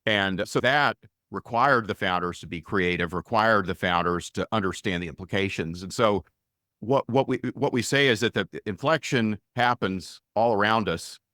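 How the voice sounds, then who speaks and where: A middle-aged man, a venture investor and author, explaining his ideas in an energetic, conversational interview. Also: on the low side, normal speed, dry recording, studio quality. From United States. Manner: energetic, conversational, frequent restarts.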